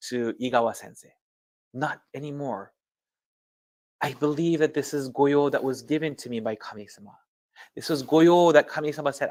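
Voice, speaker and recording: A man giving a personal testimony sermon at a church memorial service, telling his story with animation, acting out the quoted dialogue and mixing Japanese terms into his English. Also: medium pitch.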